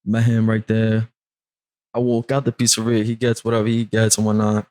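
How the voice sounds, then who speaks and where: A man's voice: lowish voice, moderate pace. A man from Brooklyn, a podcast guest telling a story in casual, slangy talk and acting out what people said. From Brooklyn, New York. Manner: animated, slangy, acts out quoted dialogue.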